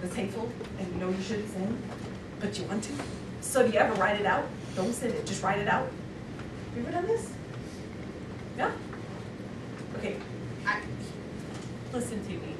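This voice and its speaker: A woman's voice: medium pitch, animated, moderate pace, pauses often, very noisy. A woman teacher giving a chatty, playful lecture to her class, recorded from far off in an echoey classroom.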